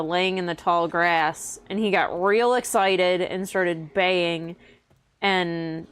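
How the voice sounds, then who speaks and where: A woman's voice: fairly low pitch, clear, resonant tone. A woman in casual chat on a game stream, telling stories and reading chat messages aloud. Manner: chatty storyteller, reads chat aloud. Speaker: stream co-host.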